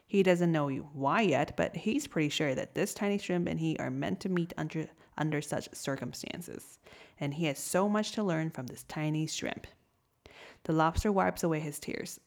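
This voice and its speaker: A woman reading a storybook tale aloud in a gentle, soft-spoken way. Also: low-pitched, normal speed. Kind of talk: storybook narration.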